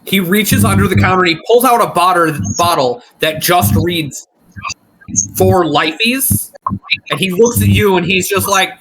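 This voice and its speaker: A man narrating as game master of a tabletop game, describing scenes in an unhurried way. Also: high-pitched, background noise.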